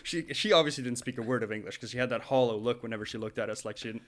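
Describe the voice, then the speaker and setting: A young man co-hosting a casual podcast, his voice sitting at an ordinary middle pitch. He tells a long story with lively energy, laughing often and restarting his sentences. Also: very fast. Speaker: podcast co-host.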